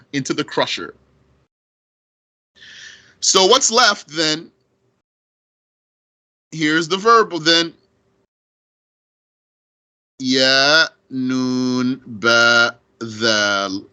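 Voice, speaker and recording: A man teaching Arabic grammar in at a very unhurried pace, his voice bright and a little high. He repeats each term and asks rhetorical questions as he walks through a verse. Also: big pitch swings. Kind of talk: explaining grammar on a recorded lesson.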